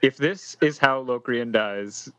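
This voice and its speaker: A man's voice: mid-range voice, takes it slowly, fairly bright tone, clean tone, no echo. Laid-back, wry male player. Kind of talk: casual tabletop game chat.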